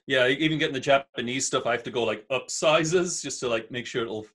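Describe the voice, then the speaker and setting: A man from near Newcastle with a softened Northern English accent, chatting casually as a podcast guest and swearing freely. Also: medium pitch, quick pace. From England, near Newcastle. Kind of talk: casual chat.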